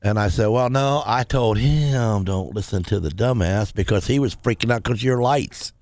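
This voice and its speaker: Animated man telling a story on radio. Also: normal speed, dry recording, clean studio sound. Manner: animated, acts out quotes with big pitch jumps. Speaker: co-host. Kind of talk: casual radio talk, storytelling. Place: radio studio. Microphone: studio microphone.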